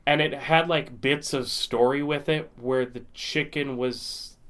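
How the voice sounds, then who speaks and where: A man's voice: medium pitch, fairly even intonation, a little slow, a bit bright. A man co-hosting a casual podcast, rambling with many restarts. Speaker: podcast co-host. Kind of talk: casual chat.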